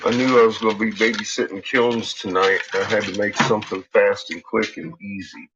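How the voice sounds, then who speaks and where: A man's voice: steady tone, brisk. A man vlogging casually from home, rambling and swearing as he chats. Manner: rambling, swearing, talks to his dogs in a high teasing voice. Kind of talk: casual home vlog chat. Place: home with barking dogs. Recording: dull lo-fi home recording with clear background noise.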